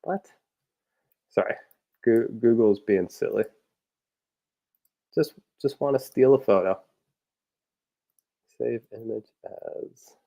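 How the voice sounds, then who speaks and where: The sound is lo-fi as a man with a mid-range voice and vocal fry talks slowly to camera, leaving long pauses. He rambles loosely about his parody episode ideas, using lots of fillers and chuckling at his own gags.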